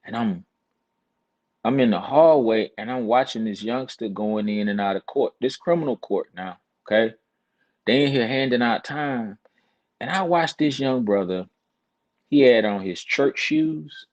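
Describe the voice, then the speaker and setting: A man's voice: medium pitch, measured pace, dull audio. A male guest speaker talking earnestly, quoting scripture and repeating words to drive his points home. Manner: earnest, cites scripture, builds points with repetition. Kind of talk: casual chat with a preaching tone.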